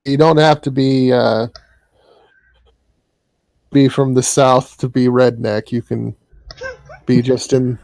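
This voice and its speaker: A male host with a mellow, dark tone talks slowly in a dry, close sound. He keeps it laid-back and joking, pausing on ums as he thinks. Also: mid-range voice, flat delivery, gravelly, dry recording. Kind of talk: casual interview chat.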